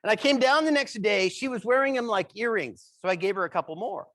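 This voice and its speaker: High-voiced man telling comic stories. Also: a little fast, no echo. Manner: animated, playful comic delivery. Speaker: humorist keynote speaker. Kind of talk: comic keynote storytelling.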